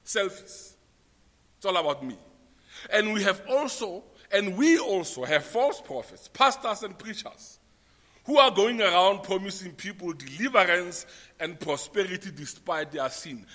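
A man's voice: high voice, bright, forceful tone, big-room sound. A man with a South African accent preaching a sermon, spelling out his points and repeating them for note-takers. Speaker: pastor.

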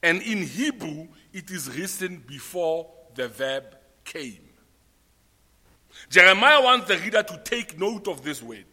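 A man's voice: high-pitched, sing-song, a little slow, sharp tone, breathy edge, in a large hall. A man with a South African accent preaching a sermon, spelling out his points and repeating them for note-takers. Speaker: pastor.

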